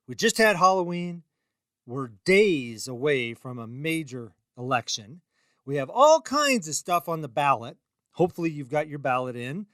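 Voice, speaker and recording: In clean studio sound without echo, a slightly high, fairly bright male voice carries a casual talk-radio monologue. The speaker is a middle-aged radio host who sells reverse mortgages, and he chats and rambles in a self-deprecating style, punctuated by emphatic rises.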